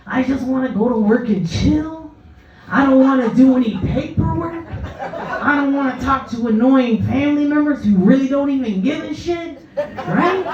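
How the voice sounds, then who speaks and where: A woman's voice: high-pitched, lively intonation, moderate pace. A woman doing a stand-up comedy set, brash, crude and self-mocking. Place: comedy club stage. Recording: echoey club from far off, dull, crowd.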